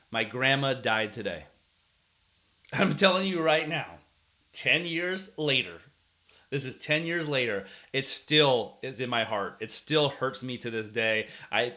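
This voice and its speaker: A man hosting a casual advice talk for coaches and parents, telling stories earnestly, often restarting his sentences, and acting out the way he yelled at players. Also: medium pitch. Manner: earnest storytelling, frequent restarts, acts out yelling at players. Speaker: youth sports coach and show host.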